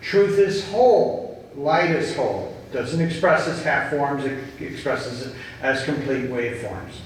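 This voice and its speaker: A man's voice: mid-range voice, a little hiss or hum. Earnest man speaking in an echoey hall. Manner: earnest, slow and emphatic. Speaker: speaker at a group gathering. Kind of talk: inspirational talk and storytelling. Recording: echoey hall, distant mic.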